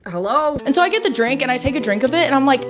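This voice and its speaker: A woman's voice: high voice, expressive, rapid-fire, over music. A young woman vlogging in a casual, chatty way. She tells stories with energy and says "like" a lot. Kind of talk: casual chat.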